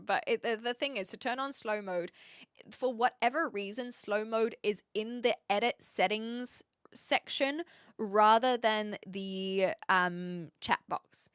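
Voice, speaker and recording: Lively, animated woman streamer chatting. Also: mid-range voice, measured pace, smooth, dry recording, clean studio sound. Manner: chatty and thinking aloud, laughs often. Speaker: live streamer. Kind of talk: casual live-stream chat, reading chat messages.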